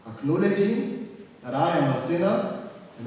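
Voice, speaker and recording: A man preaching a sermon, slow and emphatic, repeating phrases for weight. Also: a little high, lively intonation, dark tone. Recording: distant mic in an echoey hall.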